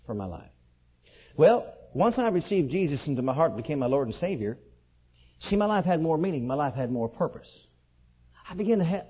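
Preacher guy telling his story, kinda husky, voice bouncing all over, dull old recording. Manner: swings from high excited exclaiming to low quiet asides. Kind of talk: sermon with personal testimony.

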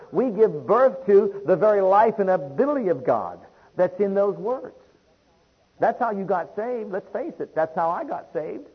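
A husky man preaches with a high-pitched voice, stacking up emphatic declarations one after another. The recording sounds dull and lo-fi. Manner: emphatic, rhythmic declarations with repeated phrases. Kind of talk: sermon.

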